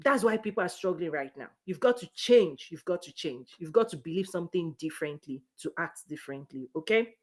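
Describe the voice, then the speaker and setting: A woman's voice: fairly low pitch, expressive, brisk, hardly any pauses. A woman business coach giving a motivational live-stream talk. She speaks in an emphatic, repetitive preaching cadence and laughs between her points.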